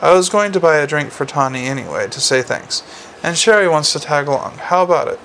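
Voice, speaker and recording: A man's voice: a little high, expressive, a little fast, a bit bright, a little hiss or hum. A man voicing a prying, coaxing young vampire policewoman in an audiobook. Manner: probing, coaxing.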